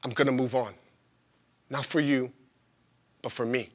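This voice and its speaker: A man in his twenties performing a theatrical spoken-word monologue, raw and profane, swinging from loud outbursts to hushed confession. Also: medium pitch, fairly even intonation, measured pace. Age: 20s.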